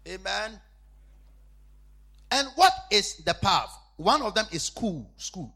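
A man preaching a sermon as an apostle, repeating his phrases and swinging from shouted emphasis to low, quiet asides. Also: very animated, normal speed, vocal fry, husky.

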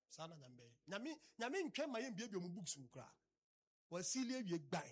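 A male preacher delivers an animated sermon, rising to loud exclamations and dropping to low asides. His voice sits fairly high and has a husky edge. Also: fairly quick, soft background music.

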